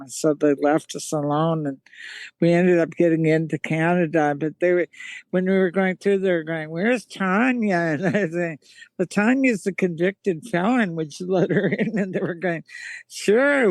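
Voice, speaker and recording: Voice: mid-range voice, darkish tone, dry recording. A guest in a casual interview telling rambling anecdotes, with many restarts and laughs. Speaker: guest, magazine founder and band singer.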